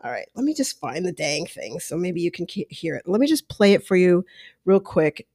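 A woman's voice: fairly low pitch, big pitch swings, normal speed, a little mellow, dry recording. Chatty woman podcast host, dry sound. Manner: chatty, talks to listeners directly, acts out quotes. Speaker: podcast host, former reality show houseguest. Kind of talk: casual commentary.

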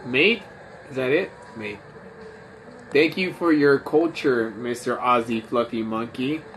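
A man's voice: medium pitch, fairly even intonation, normal speed. A man who is tipsy, a comedian and podcast host chatting loosely on a phone livestream, rambling and swearing. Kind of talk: casual chat on a drunk livestream. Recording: phone livestream audio, faint background noise.

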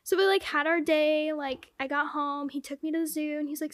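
A young woman telling a long personal story in casual chat, animated, saying "like" a lot and swearing freely. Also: sits high, fairly quick, dry recording, studio quality.

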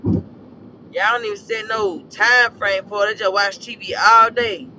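A hoarse man with a fairly high voice delivers a blunt, cuss-filled rant about parenting. His tone is preachy and direct. Loud traffic and outdoor noise sit clearly behind him. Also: steady tone, measured pace, low-quality recording. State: hoarse from a scorched throat. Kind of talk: casual opinion rant.

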